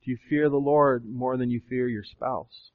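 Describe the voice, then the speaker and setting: A man's voice: mid-range voice, steady tone. Emphatic preaching man, lo-fi recording. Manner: questions the congregation, with emphatic swells and slowed, drawn-out phrases. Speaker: pastor. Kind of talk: sermon. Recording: dull lo-fi recording.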